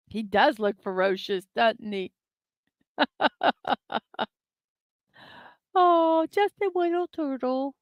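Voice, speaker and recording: A woman's voice: high-pitched, wildly swooping pitch, extremely slow, long pauses, no room sound. A woman hosting a daily morning livestream, chatting casually and giggling as she talks to viewers in the chat. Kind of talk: casual live-stream chat.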